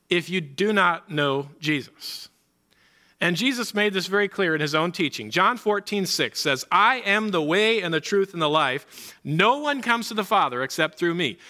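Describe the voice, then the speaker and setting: A man's voice: on the high side, sharp tone. A man preaching a sermon as pastor, emphatic, repeating his key points and asking rhetorical questions.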